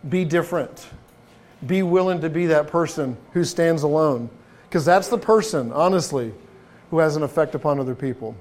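A man's voice: a little high, a little mellow. A man preaching a sermon as a pastor in a conversational way, often restarting his phrases and asking the listeners rhetorical questions. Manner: frequent restarts and repeated words.

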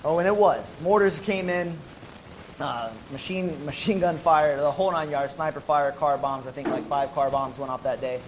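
Animated American man telling a war story. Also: a little high, normal speed, slight background noise, poor audio. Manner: animated, emphatic storytelling with casual slang. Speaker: former Marine medic telling his story. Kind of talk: personal testimony to an audience.

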